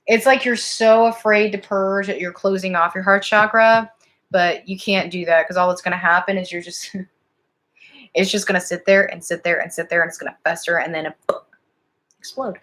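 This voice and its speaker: A woman's voice: lowish voice, a bit bright. A woman giving casual live-stream psychic readings, chatty and giggly, often wandering off topic. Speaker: psychic card reader.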